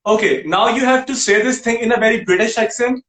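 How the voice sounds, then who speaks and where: A male talk show host firing off quick questions in a brisk, teasing way. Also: very high voice, a bit bright, roomy sound. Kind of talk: quick-fire interview questions.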